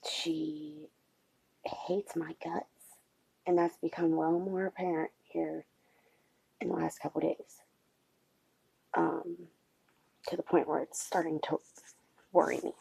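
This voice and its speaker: A woman vlogger talking quietly at home late at night so as not to wake anyone, halting and pausing with many fillers. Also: low-pitched, level tone, vocal fry, breathy edge, dry recording, poor audio. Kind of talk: late-night confessional vlog.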